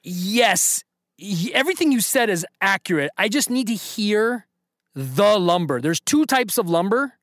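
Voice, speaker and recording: A man's voice: high-pitched, very animated, a little slow, fairly bright tone, no echo, studio quality. A man hosting a podcast trivia quiz, reading questions to callers and hyping them up with playful banter. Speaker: podcast host and quizmaster.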